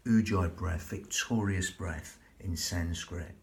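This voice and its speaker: A man leading a slow, soothing, repetitive breathing and relaxation class as a yoga instructor. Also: deep voice, steady tone.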